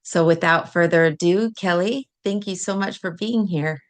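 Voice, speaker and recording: A woman hosting a live panel who introduces speakers graciously, rambling a little and pausing often with fillers. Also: on the low side. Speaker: host and minister introducing speakers.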